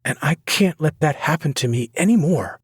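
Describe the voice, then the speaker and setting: A man's voice: medium pitch, expressive, normal speed, a little mellow, slightly rough, dry recording, studio quality, pitched above the performer's own voice. A man voicing a hurt, furious young woman in an audiobook, pleading and near tears. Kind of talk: audiobook character voice.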